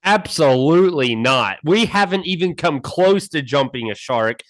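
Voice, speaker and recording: Over a remote call mic, a man with a fairly high voice co-hosts a casual podcast at a normal speed. He's animated, ranting in mock anger as he airs his grievances.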